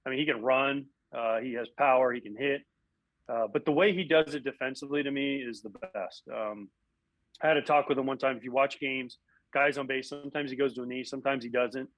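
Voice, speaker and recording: Animated and brisk, this ex-catcher and broadcast analyst recounts his playing years in a relaxed interview, playing out others' quotes. His pitch is medium, and the poor-quality audio carries no room sound.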